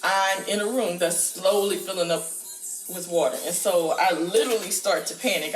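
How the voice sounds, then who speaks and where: A woman vlogger telling a spiritual dream story to camera in a casual, animated way, with casual slang. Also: moderate pace. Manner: animated, acts out her panic in a high squeaky voice; casual slang, says "y'all". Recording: roomy echo with faint music behind.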